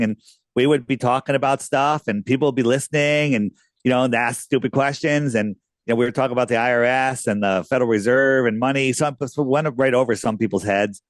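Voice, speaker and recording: A man with a mid-range voice appears as a radio guest, telling stories in a casual, rambling interview with many restarts. There is no room sound.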